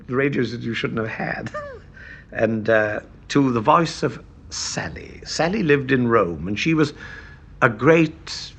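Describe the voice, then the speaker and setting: A man's voice: mid-range voice, gravelly, fairly bright tone, husky. An older male veteran reminiscing in an interview, wry and articulate.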